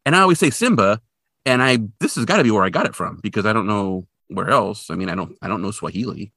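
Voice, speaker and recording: A man's voice: lowish voice, expressive, fast talker, sharp tone, dry recording. A man co-hosting a podcast, recapping a cartoon episode in casual, wry chat and swearing bluntly. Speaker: podcast co-host.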